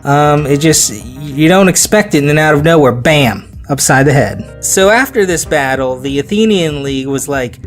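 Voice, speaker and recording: A man's voice: fairly high pitch, lively intonation, normal speed, few pauses, faint music behind. Joking man hosting a history podcast. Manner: chatty, joking, stumbles over names. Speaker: podcast host. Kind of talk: casual history podcast chat.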